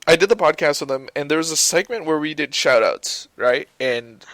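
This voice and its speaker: Animated, swearing young man podcaster. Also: on the high side, normal speed, no echo, poor audio. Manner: profane, animated storytelling with lots of laughing. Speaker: podcast co-host. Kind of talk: casual chat.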